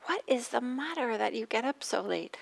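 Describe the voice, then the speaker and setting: A woman's voice: a little high, animated, moderate pace, gravelly, pitched above the performer's own voice. A woman doing an exasperated, scolding mistress. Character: irritated mistress scolding her maid.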